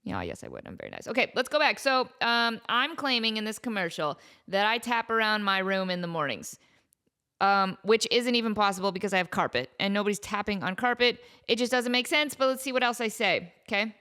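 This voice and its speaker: A woman in her thirties hosting a podcast in casual chat, animated and joking at her own expense. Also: medium pitch, brisk, clear, resonant tone. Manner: animated, self-mocking, joking. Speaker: podcast host.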